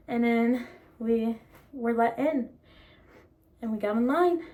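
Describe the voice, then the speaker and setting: A young woman vlogging casually, excited and disbelieving, rambling with many fillers as she tells her story. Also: fairly high pitch, slow, long pauses.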